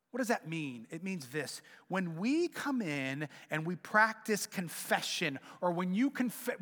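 A middle-aged man preaches a sermon, his voice high and bright, leaping up and down as he tells a story. He sometimes drops to a hushed near whisper for emphasis. The sound carries a long reverb, as in a large hall. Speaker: pastor.

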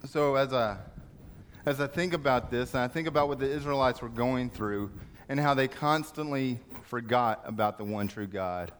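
Smooth-voiced man telling a sermon story. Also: medium pitch. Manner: animated storyteller, acting out yelling crowds. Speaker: speaker in a church service.

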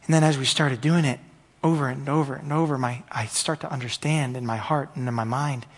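A man's voice: fairly high pitch, fairly even intonation, brisk. A man preaching a sermon as pastor, earnest and repetitive, building in intensity at the peaks.

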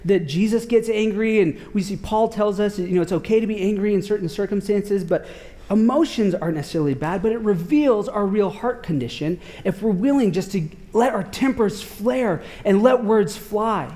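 High-voiced pastor telling a lively story. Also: male voice, normal speed. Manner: animated, slangy, many "like" fillers. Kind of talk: casual storytelling sermon.

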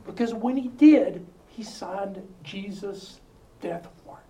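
A man preaching, telling the story with animated asides and jokes. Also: sits high, slow. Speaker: preacher teaching a Bible study. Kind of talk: sermon. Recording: roomy sound from far off with faint ambience.

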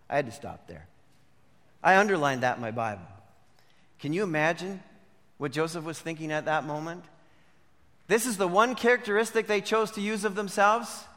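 A pastor preaching a sermon, moving between hushed reflection and emphatic declarations. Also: male voice, fairly high pitch, normal speed, big-room sound.

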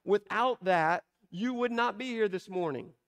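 A man preaching a sermon, asking emphatic rhetorical questions and slowing down to stress key words. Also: high voice, smooth. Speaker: pastor.

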